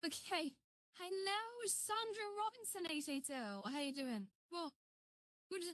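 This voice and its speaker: A woman's voice: very high-pitched, a little slow, a bit bright, no room sound. A woman chatting on a live stream as she builds, rambling and greeting viewers while she works. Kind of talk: casual live-stream chat.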